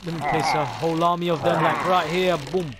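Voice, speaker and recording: Excitable, swearing young gamer man. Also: a little high, a little fast, very noisy. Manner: excitable, swears often, reacts aloud to what he sees. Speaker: gaming YouTuber. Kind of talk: casual gameplay commentary. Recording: game music clearly behind the voice.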